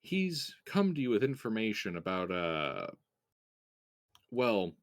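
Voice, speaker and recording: A man with a fairly low voice runs a tabletop game as its game master. He talks in an easygoing way, pausing on fillers and restarting his sentences. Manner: relaxed, with frequent fillers and restarts.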